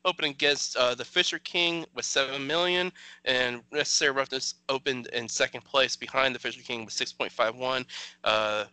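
Guy hosting a movie podcast, bright voice, rambly, dry sound. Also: medium pitch, steady tone, normal speed, clear, resonant tone, no room sound. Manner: rambling, reads trivia aloud. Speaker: podcast host. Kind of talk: casual movie commentary chat.

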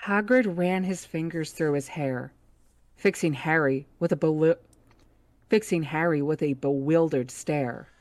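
A woman reading a novel aloud as the host of a book club podcast. She reads steadily and corrects her slips as she goes. Her voice sits a little low, and the sound is dry and close. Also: measured pace, darkish tone, no room sound.

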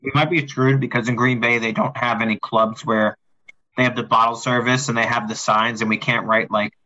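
A young man co-hosting a casual sports podcast, excitable and rambling, with some swearing. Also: medium pitch, fairly quick, muffled recording. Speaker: podcast co-host.

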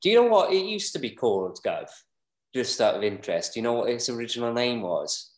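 A man's voice: medium pitch, very animated, brisk, echoey room, rough recording. A man co-hosting a casual podcast, rambling and chuckling with lots of fillers. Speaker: podcast co-host. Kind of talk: casual chat.

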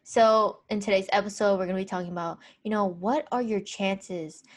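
A young adult woman co-hosting a casual podcast, animated, swearing freely and acting out quoted messages. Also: mid-range voice, moderate pace. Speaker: podcast co-host.

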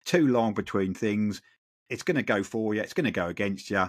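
A low, husky-voiced man talking football in loose, rambling podcast chat. He circles back on his words and leans on "you know" and "end of the day". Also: brisk. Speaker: podcast co-host.

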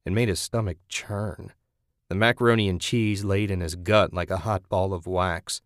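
A man narrating a novel as an audiobook reader in a measured, even delivery. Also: deep voice, no room sound, studio quality.

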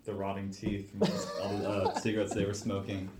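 A man's voice: on the low side, monotone, brisk. A young man from Delaware chatting casually on a podcast, laid-back and joking, often stammering and restarting. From Delaware, US East Coast. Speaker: podcast co-host. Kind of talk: casual chat. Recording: echoey room, faint noise.

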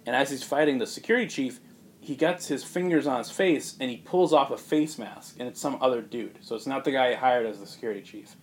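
A man on a podcast telling a story in casual chat, rambling with fillers and putting on quick voices for the characters. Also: medium pitch, slight background noise. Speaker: podcast co-host pitching a movie.

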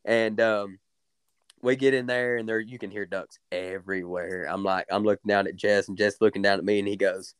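Drawling young man, smooth low voice. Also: normal speed, no echo. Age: young adult. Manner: drawling, excited, many fillers and repeats. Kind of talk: casual storytelling.

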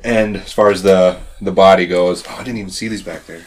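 A man's voice: sits low, steady tone, fairly quick, slight background noise. A man running a tabletop game as game master, talking loosely with fillers and swearing. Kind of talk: narrating a tabletop game, casual chat.

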